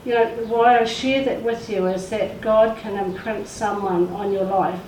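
A woman delivers a church-service testimony in an echoey room, emotionally recounting events and voicing the people she quotes. Her mid-range voice has fairly even intonation, a moderate pace, and a darkish tone. She's far from the mic, with faint noise.

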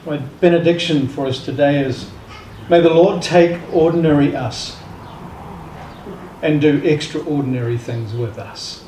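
A man's voice: a little high, measured pace, mellow. A man, a pastor, closing the service with a solemn benediction. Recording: echoey room, far from the mic, faint noise.

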